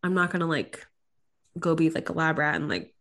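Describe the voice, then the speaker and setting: A woman's voice: deep voice, very animated, fairly quick, a bit bright. A young woman co-hosting a podcast, chatting casually and telling stories with playful voiced quotes. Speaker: podcast co-host. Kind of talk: casual chat.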